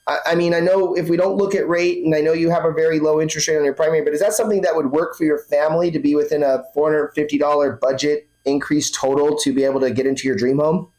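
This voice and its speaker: A man co-hosting a podcast as a loan officer, talking loud and excited while working through mortgage figures. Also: fairly high pitch, fast, few pauses, poor audio. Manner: excitable, loud, runs numbers aloud. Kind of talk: casual podcast chat.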